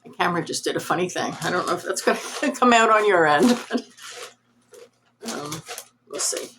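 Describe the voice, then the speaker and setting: A woman's voice: low-pitched, a bit bright, a little hiss or hum. A woman hosting a cross-stitch vlog, chatting casually to camera in a nasal, rambling, self-deprecating way.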